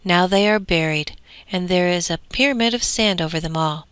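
A woman's voice: fairly low pitch, normal speed, fairly bright tone, clean tone, no echo, close to an everyday voice. A woman voicing the south wind as a proud, fierce male spirit.

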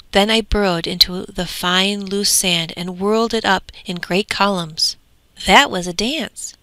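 A woman's voice: medium pitch, bright, forceful tone, no room sound. A woman voicing the south wind as a proud, fierce male spirit.

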